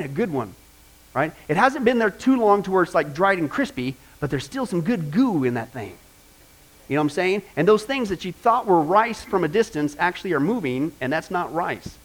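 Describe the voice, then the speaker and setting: High-voiced, animated male Bible teacher. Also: poor audio. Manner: animated and joking, with vivid asides. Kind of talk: informal classroom Bible teaching. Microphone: microphone.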